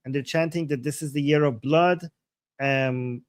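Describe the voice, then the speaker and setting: A man hosting a casual live stream, reacting with excitement to protest videos and translating the chants for his viewers. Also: medium pitch, normal speed, no echo. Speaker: political commentary host. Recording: loud background noise.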